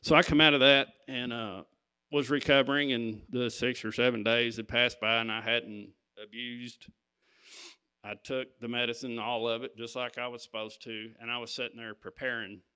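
A man's voice: mid-range voice, pushed and bright, smooth. A man preaching, telling a personal story to his congregation and stopping to ask "Amen?". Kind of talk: sermon testimony.

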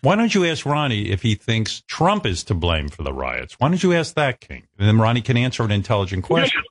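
Teasing radio host, lively voice. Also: male voice, lowish voice, fairly quick, dry recording. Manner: teasing, needling, laid-back. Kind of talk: talk radio hosting. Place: radio studio.

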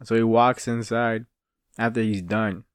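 A man's voice: fairly low pitch, little pitch movement, unhurried, smooth, no echo. A man hosting his own podcast, telling stories in a rambling, profane and casual way. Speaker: podcast host. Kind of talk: casual solo storytelling.

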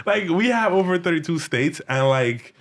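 A young man from Nigeria chatting casually as co-host, lively and playful. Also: on the high side, normal speed. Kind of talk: casual chat.

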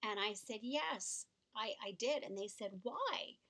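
A middle-aged woman co-hosting a podcast, speaking earnestly and warmly about a serious topic, often repeating words as she goes. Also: medium pitch, fairly even intonation, moderate pace. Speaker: podcast co-host.

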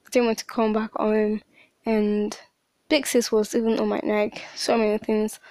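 A woman's voice: medium pitch, flat delivery, normal speed, dark tone, dry recording. A woman in her late teens hosting a podcast, talking through a rambling, emotional personal monologue. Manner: emotional, rambling, with frequent restarts. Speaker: podcast host.

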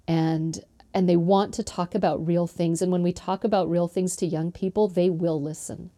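A woman's voice: on the low side, steady tone, a little slow, mellow, no echo, studio quality. A middle-aged woman from northern Utah, an author being interviewed, telling stories earnestly with frequent ums. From northern Utah, USA. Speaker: author guest. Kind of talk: interview storytelling.

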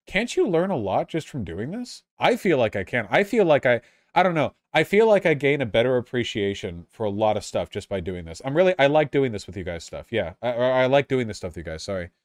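A male streamer chats casually with his viewers, his voice jumping around with lively ups and downs. He swears freely and gets excited easily. The sound is close and dry. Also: medium pitch, brisk, dry recording. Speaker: live streamer. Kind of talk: casual live-stream commentary.

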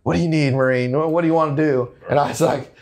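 A man's voice: a little high, fairly even intonation, fast talker, a little mellow. Easygoing man telling stories with laughs. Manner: laid-back, laughs often, many fillers. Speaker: podcast guest, Marine veteran. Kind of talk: casual storytelling chat.

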